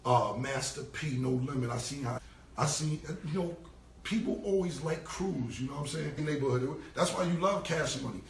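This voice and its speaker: A man telling a casual story, animated and acting out quotes in other voices. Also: a little high, moderate pace, creaky. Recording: echoey room, far from mic, faint noise.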